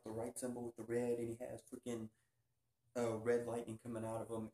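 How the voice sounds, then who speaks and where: A man hosting a casual TV review vlog, talking excitably and peppering his speech with "freaking.". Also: mid-range voice. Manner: excitable, keeps saying "freaking". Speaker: YouTube reviewer. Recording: roomy echo.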